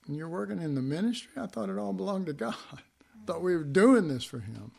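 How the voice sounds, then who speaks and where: A man preaching a sermon, swinging from hushed whispers to loud emphasis, with folksy, chuckling asides. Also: a little high, animated, fast talker, creaky.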